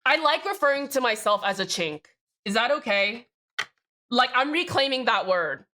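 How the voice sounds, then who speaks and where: A woman's voice: fairly high pitch, lively intonation, moderate pace, pushed and bright. A woman live streamer chatting casually with her chat, joking and swearing, with rambling restarts. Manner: profane, joking, reads out chat names.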